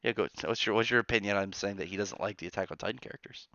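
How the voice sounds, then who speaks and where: A man hosting a casual live stream from his barracks room, rambling through chat with quick asides and restarts. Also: lowish voice, pushed and bright, no echo. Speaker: streamer host reading chat. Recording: dull lo-fi sound.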